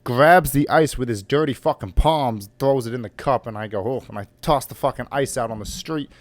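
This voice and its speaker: A man's voice: medium pitch, brisk, no room sound. A man in his twenties telling a personal story to camera in a blunt, joking, profane way. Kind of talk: casual storytime monologue.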